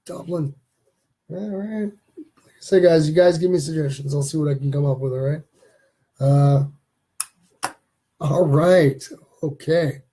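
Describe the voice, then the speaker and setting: A man with a husky, mellow voice pitched a little high hosts a live stream from his home studio. He rambles in a chatty way and reads viewers' comments aloud between his own remarks. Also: a little slow, pauses often. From Canada. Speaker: host of a live stream show. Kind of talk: casual live-stream chat.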